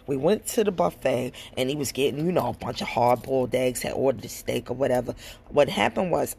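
Gravelly, blunt woman podcaster. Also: rumbling low, a little hiss or hum. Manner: blunt, profane, animated storytelling. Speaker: podcast host. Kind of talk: casual storytelling monologue.

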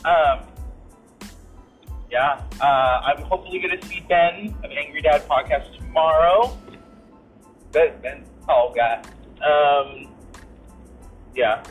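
A man excitedly recapping in casual chat. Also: a little high, slow pace, pauses often, husky, phone-quality sound, faint music behind. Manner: excited, gushing.

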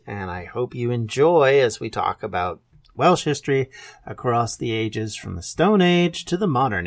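A Canadian man in his fifties, hosting a podcast and talking about himself in an earnest, rambling way with self-corrections. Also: mid-range voice. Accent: Canadian English. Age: 50s. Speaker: podcast host. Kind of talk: casual podcast introduction.

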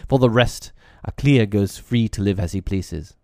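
A man's voice: on the low side, normal speed, warm tone, no room sound, clean studio sound, natural voice. A man reading as Mowgli, a defiant wolf-raised youth. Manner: commanding, old-fashioned speech. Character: defiant young man-cub raised by wolves. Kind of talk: audiobook character reading.

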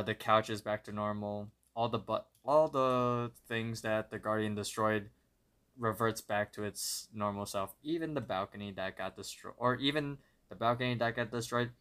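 A man's voice: on the low side, fairly bright tone, clean tone. A man co-hosting a podcast, narrating a cartoon plot step by step with small slips and corrections. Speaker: podcast co-host. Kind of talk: casual episode recap.

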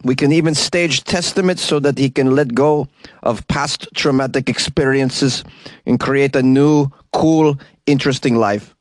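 A man putting on an exaggerated mock Russian accent to voice a formal company spokesman, speaking slowly and deliberately. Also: mid-range voice, fairly even intonation, dry recording, close to an everyday voice. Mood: stiffly formal.

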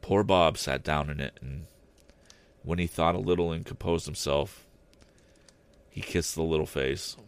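A man narrating a classic story aloud in an expressive, deliberate reading style. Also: rumbling low, clear, resonant tone. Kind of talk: audiobook narration.

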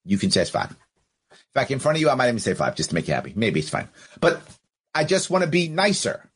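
A man's voice: mid-range voice, wildly swooping pitch, fairly quick, fairly bright tone, breathy edge. A man hosting a podcast, arguing his view with rhetorical questions and acting out both sides of an exchange as he reads out listener comments. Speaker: podcast host.

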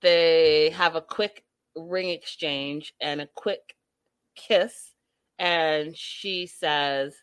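A woman's voice: deep voice, steady tone, extremely slow, clear, resonant tone, no echo. Sassy woman. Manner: sassy, exasperated, emphatic repetition. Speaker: commentator reacting to a reality show. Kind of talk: casual live commentary reading chat.

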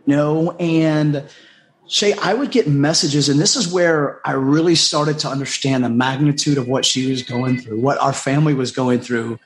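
On a podcast, a middle-aged life coach from the United States tells a heartfelt personal story. His voice is mid-range with fairly even intonation, and he speaks at a normal speed. He repeats himself often and dramatizes the conversations he quotes.

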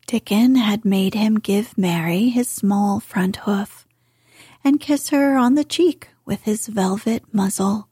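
A woman reading a storybook aloud, in a soft, half-whispered and unhurried delivery. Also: mid-range voice, breathy edge, no room sound, studio quality. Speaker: audiobook narrator.

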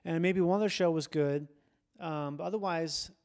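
A man's voice: fairly high pitch, steady tone, normal speed, darkish tone. A man comedian chatting casually on a podcast, rambling and loose as he recalls things. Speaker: stand-up comedian.

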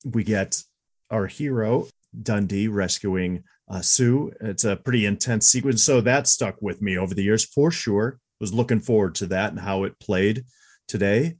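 Casual movie podcast co-host, man in his forties, a bit husky and chatty. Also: lowish voice, moderate pace, a little mellow. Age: 40s. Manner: chatty, candid, laughs easily. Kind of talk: casual movie review chat.

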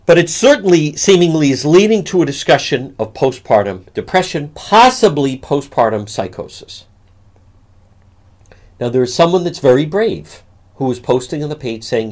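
Guy hosting a talk show, earnest, careful, gently coaxing the guest along. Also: on the high side, expressive, moderate pace. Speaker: show host.

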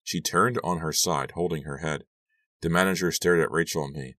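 A man narrating a first-person audiobook in a steady, even storytelling manner. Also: rumbling low, fairly quick, dry recording, far from the mic.

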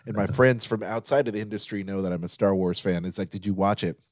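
A man in his thirties, co-hosting a chatty podcast, telling stories with excitement and acting out quotes. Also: lowish voice, fast talker, no room sound, studio quality. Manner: excited storytelling, acts out quotes. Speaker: podcast co-host. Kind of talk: casual chat.

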